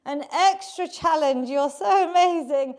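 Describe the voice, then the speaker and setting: A woman with a high, bright-pitched voice coaches a live online workout class. She talks at an unhurried, measured pace, and her cues stay upbeat and encouraging. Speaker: fitness instructor.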